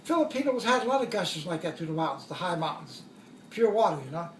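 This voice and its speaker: A man's voice: high voice, very animated, fast, echoey room, far from the mic, a little hiss or hum. An older man, a war veteran, tells his stories in a rambling way, correcting himself as he goes and chuckling at his own jokes. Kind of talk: oral history storytelling.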